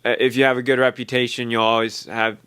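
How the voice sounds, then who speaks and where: Man, flat smooth voice, host, halting casual summary, dry sound. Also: mid-range voice, no room sound. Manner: summarizing, halting, says "bro". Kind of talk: casual interview chat.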